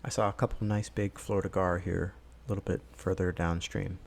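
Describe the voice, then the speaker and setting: A man's voice: low-pitched, flat delivery, fairly quick, vocal fry, a little mellow, slight background noise. A man giving a casual, rambling voice-over for his outdoor vlog, with plenty of filler words. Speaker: vlogger.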